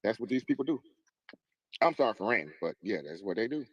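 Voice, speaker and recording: Guy rambling fast through a story on a voice chat, kinda defensive, dry sound. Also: fairly low pitch, expressive, fairly bright tone, breathy edge, no room sound, rough recording. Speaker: chat participant.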